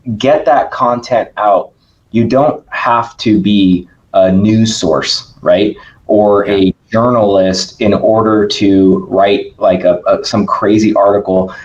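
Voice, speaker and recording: Emphatic man with a low voice, lo-fi. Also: slow. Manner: energetic, emphatic, keeps asking "right?". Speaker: podcast guest. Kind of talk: casual interview conversation.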